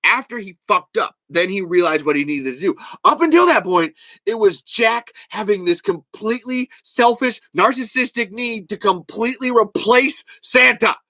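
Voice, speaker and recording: A man with a high, bright voice hosts a solo podcast, ranting fast and swearing freely. His delivery swings into loud bursts as he argues his point. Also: dry recording. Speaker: podcast host. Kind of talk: solo podcast rant reading comments.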